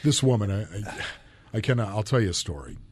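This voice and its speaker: A man's voice: fairly low pitch, lively intonation, brisk, darkish tone, husky. A man from Buffalo, New York, a former football player, telling personal stories as a podcast guest in an earnest and openly emotional way. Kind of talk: candid personal storytelling.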